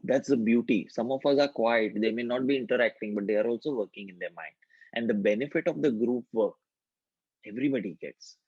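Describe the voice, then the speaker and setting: Man calmly guiding a group session. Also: mid-range voice, breathy edge, no room sound, dull audio. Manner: calm instructive, repeats affirmations in a slow chant. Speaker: workshop facilitator. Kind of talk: guided group healing session.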